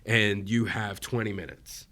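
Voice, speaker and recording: Bright-voiced man telling a lively story. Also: on the low side, unhurried. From Egypt. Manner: animated, acts out quoted voices. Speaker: comedian guest. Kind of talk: casual storytelling.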